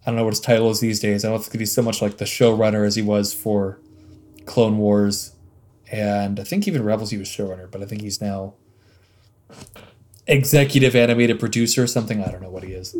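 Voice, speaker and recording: A man co-hosting a podcast, musing aloud with frequent ums and uhs and quiet trailing asides. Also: steady tone, brisk. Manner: musing, hesitant, many ums and uhs, drops to low asides. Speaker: podcast co-host. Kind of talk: casual podcast chat.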